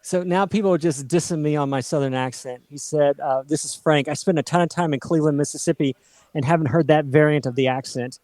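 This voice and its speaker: A man's voice: fairly high pitch, brisk, a little mellow, dry recording. A man co-hosting a casual livestream, reading out viewer comments in a chatty, self-deprecating way.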